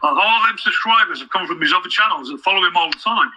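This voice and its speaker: A man's voice: high-pitched, animated, fast talker, pushed and bright, rough recording. A man gossiping scornfully about another online figure in casual chat.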